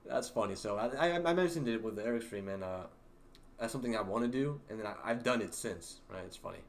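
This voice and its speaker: A young man with a fairly low voice hosts a casual livestream. He talks in a rambling, halting way, full of fillers and restarts, and chuckles at his own jokes. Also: lively intonation. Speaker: livestream host. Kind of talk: casual storytelling to a livestream chat.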